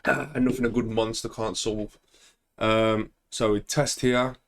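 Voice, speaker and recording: A young man casually talking through forex charts, relaxed and chatty with lots of ums, often clearing his throat and praising his own setups. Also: fairly low pitch, a little slow. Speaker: forex trader. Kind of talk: casual screen-share market commentary.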